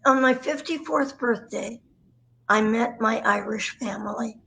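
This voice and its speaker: Pushed, bright and gravelly, this slightly high voice moves at a measured pace. It belongs to a voice actress in her nineties who tells rambling, self-deprecating career stories as a guest on a livestream, heard remotely in poor audio.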